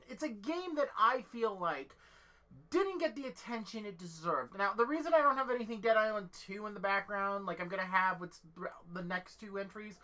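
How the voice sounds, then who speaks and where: A woman with a bright, forceful voice, pitched a little low for a woman, rambling loosely in casual channel chat. She swears freely, trails off and restarts her sentences, and piles on filler likes as she goes. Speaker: channel host. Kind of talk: casual rambling game talk.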